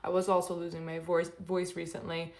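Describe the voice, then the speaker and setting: A woman's voice: on the low side, completely flat delivery, fairly quick. A woman doing an intuitive tarot reading in a loose, rambling way, often stopping herself and laughing. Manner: rambling, self-interrupting, giggly. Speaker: tarot reader.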